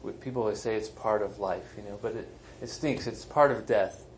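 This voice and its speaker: A man's voice: on the low side, brisk, a little hiss or hum, poor audio. Conversational man preaching a sermon. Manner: conversational, emphatic, self-deprecating asides. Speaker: pastor. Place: church sanctuary.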